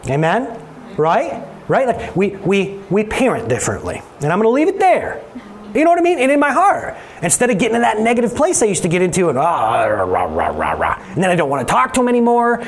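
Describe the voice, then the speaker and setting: A man preaching in a church as its pastor, with a conversational style that climbs high when he presses a point. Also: slight background noise. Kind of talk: sermon. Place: church sanctuary.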